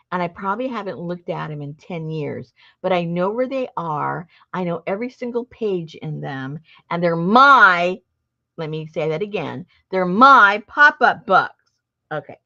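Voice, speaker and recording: A woman's voice: on the low side, moderate pace, gravelly. A middle-aged woman telling a story to a casual chat audience, laughing often. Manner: chatty, laughs often, animated retelling. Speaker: host. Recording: dull lo-fi sound.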